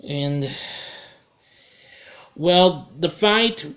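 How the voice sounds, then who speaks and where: A man's voice: a little high, extremely slow, a bit bright. A man giving a casual film review, rambling and correcting himself as he goes. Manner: rambling, self-correcting, chuckles at his own slips.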